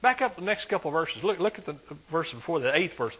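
Man, preaching, bright husky voice, folksy, soft then loud. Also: a little high, sing-song, fast. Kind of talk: sermon.

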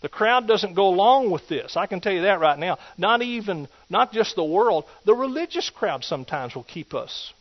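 A man preaching a sermon, swinging between loud exhortation and hushed asides. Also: high voice, animated, moderate pace, hardly any pauses. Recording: dull lo-fi recording.

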